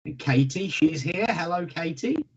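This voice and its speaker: A man's voice: a little high, lively intonation, a little slow, slightly rough. A man co-hosting a casual online show, friendly and playful as he greets viewers. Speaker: co-host. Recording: lo-fi online stream audio.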